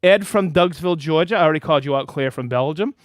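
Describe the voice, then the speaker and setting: A man hosting a live stream in a casual, excited way, calling out viewers by name and hometown. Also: fairly high pitch, fast, dry recording, clean studio sound. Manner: excited, animated, reading viewer shout-outs. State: worked up and dusty after a demo. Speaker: host of a live product show.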